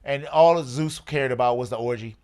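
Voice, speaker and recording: A man's voice: mid-range voice, normal speed, clean tone. A man hosting a casual podcast, swearing freely and laughing as he reviews a film. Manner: animated, profane, laughing storyteller. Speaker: podcast host. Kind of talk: casual movie review chat.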